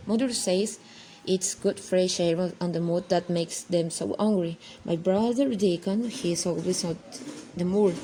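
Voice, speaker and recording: A woman's voice: lowish voice, a little hiss or hum, low-quality recording. A woman voicing a friendly, talkative young servant woman while reading a storybook aloud. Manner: warm, talkative and kindly.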